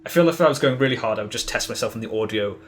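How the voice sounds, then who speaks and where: A man's voice: medium pitch, rapid-fire, slight background noise. A man chatting casually as a podcast guest, rambling with lots of fillers and restarts. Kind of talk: casual interview chat.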